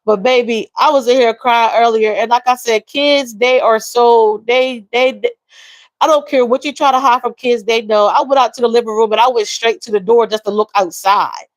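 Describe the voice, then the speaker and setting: A woman hosting a livestream, talking emotionally and softly with viewers, reading their comments and calling them y'all. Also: a little high, steady tone, normal speed, no echo, low-quality recording. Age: adult with a young daughter. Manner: emotional, soft-spoken, repeats phrases, addresses viewers as y'all and baby. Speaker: livestream host.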